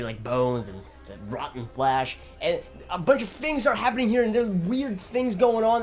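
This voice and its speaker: A young man from Brazil, chatting casually about a video game in an animated, rambling, jokey way. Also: on the high side. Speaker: gaming vlogger.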